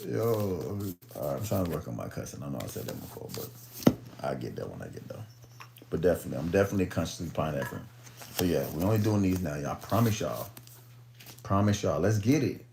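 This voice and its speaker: A man's voice: sits low, big pitch swings, brisk, vocal fry, background noise. A young man chatting casually on a phone live stream in laid-back, profane slang, then reading a book aloud. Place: at home, in bed.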